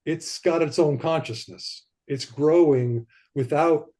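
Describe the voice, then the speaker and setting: A man talking as a podcast guest in casual conversation, rambling and animated, and sometimes acting out the voices he quotes. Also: a little high, slow.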